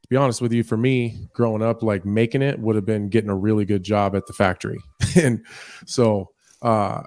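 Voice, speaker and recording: A man's voice: on the low side, steady tone, brisk, darkish tone, no echo. A man from Nebraska co-hosting an interview, laid-back and loose-tongued, swearing casually between fillers. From Nebraska, USA. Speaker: co-host.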